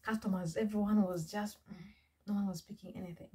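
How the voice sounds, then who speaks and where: A woman's voice: medium pitch, fairly even intonation, fairly quick, warm tone, breathy edge. A woman from Uganda telling a personal story in a chatty, restarting vlog style. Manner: chatty, repetitive, with many restarts and fillers. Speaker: vlogger.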